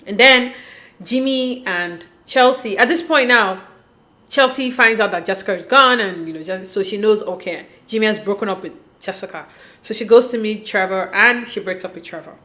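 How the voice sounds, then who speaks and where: A woman hosting a casual recap of a dating show, chatty, opinionated and quick to laugh. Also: medium pitch, bright, forceful tone. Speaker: reality show recap host.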